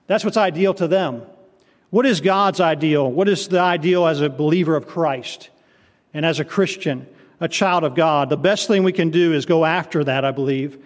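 A man's voice: a little high, moderate pace, big-room sound. A male pastor preaching an evening sermon, asking the congregation rhetorical questions as he reads and explains scripture.

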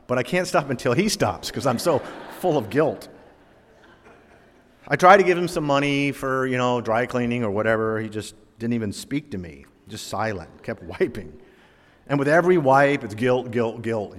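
A man preaching a sermon, telling a self-deprecating personal story in an animated way before drawing a lesson from scripture. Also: lowish voice, big-room sound.

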